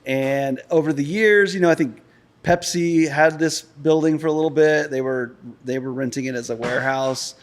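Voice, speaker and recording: A man's voice: on the high side, normal speed. A man talking casually as a podcast guest, speaking in loose, rambling sentences with many fillers, recorded inside an old industrial building. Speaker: guest, pipe business founder.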